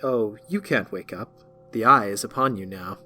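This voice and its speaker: A man voicing a cryptic, bored black cat that talks in a slow, quiet, sardonic drawl. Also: medium pitch, lively intonation, faint music behind, close to an everyday voice.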